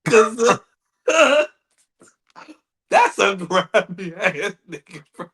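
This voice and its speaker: A man chats on a podcast with a bright, high voice that jumps around a lot. He laughs often and riffs in loose slang. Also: very animated, drawn-out words. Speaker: podcast co-host. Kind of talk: casual podcast banter.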